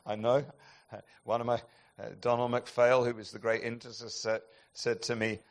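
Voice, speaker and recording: Man, preacher, sermon, impassioned storytelling, loud peaks and hushed slow passages, mid pitch. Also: little pitch movement.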